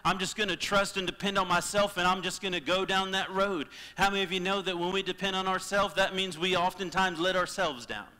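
A man preaching a sermon as pastor, impassioned, swinging between loud appeals and hushed moments. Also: high voice, steady tone, fairly quick, hardly any pauses, smooth, big-room sound. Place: church sanctuary.

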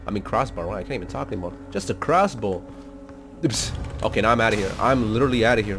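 An excitable man hosts a gaming channel with let's-play commentary, talking in casual slang. His voice swings up and down all over the place and breaks into loud outbursts. Faint music plays behind him. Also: lowish voice, fast talker.

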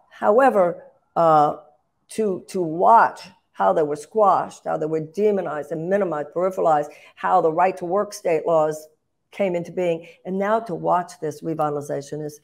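An older woman talking politics with passion and force. Her low voice has a gravelly, fry-edged grain. She keeps restarting phrases and lifting into emphatic bursts. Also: normal speed, darkish tone. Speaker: guest, political candidate. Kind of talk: impassioned political commentary.

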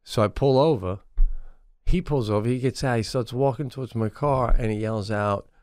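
A man co-hosting a podcast, telling a comic anecdote in an animated way and stumbling over his words as he goes. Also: mid-range voice, moderate pace, dry recording, studio quality. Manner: animated storyteller who stammers and restarts. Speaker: podcast co-host. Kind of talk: comedic anecdote.

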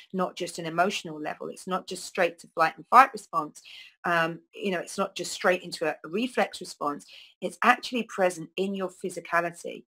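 Casting: middle-aged woman, slightly low voice, chatty wellness host who loses her thread and restarts. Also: a bit bright, poor audio. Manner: rambling, many ums and restarts. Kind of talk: casual spoken talk to camera.

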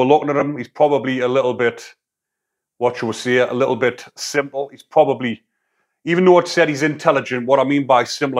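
Bloke, ex prisoner, chatting his blunt take, mid pitch, lots of prison slang. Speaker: YouTube commentator, former prisoner. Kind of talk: casual opinion monologue.

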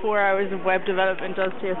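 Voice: medium pitch, monotone, fast. A young adult chatting playfully and mock-grandly with friends. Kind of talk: casual chat among friends. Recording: tinny phone-like audio with loud noise.

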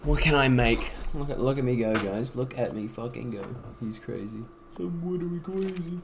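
A man's voice: mid-range voice, steady tone, moderate pace, vocal fry, noisy background. A young man giving casual let's-play commentary at home. He gets hyped, swears freely and talks to himself and his game creatures. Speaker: gaming YouTuber and streamer.

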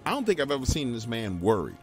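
Animated man telling a scary story. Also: medium pitch, fast, faint music behind. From Louisiana, US. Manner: emphatic, animated, talks straight to the listener. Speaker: guest telling his own encounter.

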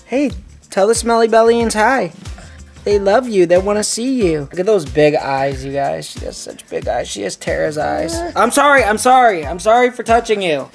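A man's voice: high voice, expressive, moderate pace, vocal fry, darkish tone, faint music behind. A man in his thirties hosting a casual family vlog, playful and teasing with his kids and pets. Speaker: family vlogger dad.

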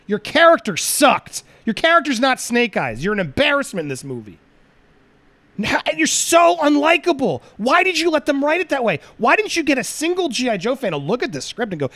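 A man's voice: extremely high pitch, sing-song, fairly quick, fairly bright tone, dry recording. A man hosting a movie review show, ranting indignantly and emphatically at the film. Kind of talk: angry movie review rant.

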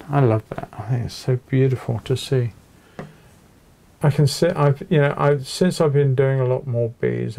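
A man narrating an oil painting tutorial from his small home studio, chatting in a relaxed way while he paints at his easel. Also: medium pitch, vocal fry. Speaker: painting teacher.

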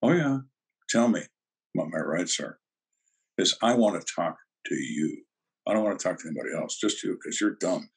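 A cocky male suspect, put on by an older man telling a story, sounds smug and taunting. His voice stays deep and husky, close to the teller's own. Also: animated, normal speed, full character voice.

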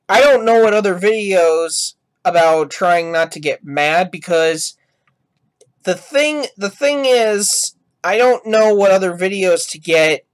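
A man vlogging casual reaction commentary for his gaming channel, rambling and restarting his sentences as he talks. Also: sits high. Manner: rambling, restarts sentences, yells "no" and "ah" at loud sounds. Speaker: gaming YouTuber.

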